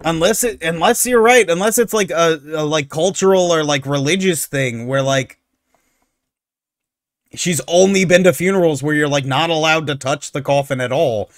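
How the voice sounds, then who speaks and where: A male streamer talking through online posts in a lively, sarcastic rant. His voice sits a little high for a man, and the sound is dry and close with no room echo. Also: moderate pace. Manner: animated, sarcastic, opinionated ranting. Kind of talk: casual reaction commentary.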